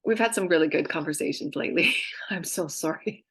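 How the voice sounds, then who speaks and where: A woman's voice: sits low, a little fast, husky. A woman talking casually as a spiritual channeler, gushing about her guides and breaking into laughter again and again. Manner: giggly, keeps breaking into laughter; affectionate, gushing. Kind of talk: casual chat, relaying messages from spirit guides.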